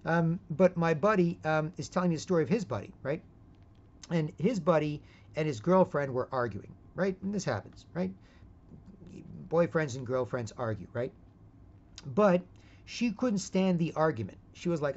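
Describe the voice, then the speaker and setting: A man's voice: a little high, lively intonation, moderate pace, darkish tone, lo-fi sound. A man rambling in a casual monologue, repeating words and tagging his sentences with 'right?'. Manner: rambling, repeats words and asks 'right?' often, switches into put-on quotes. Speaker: vlogger.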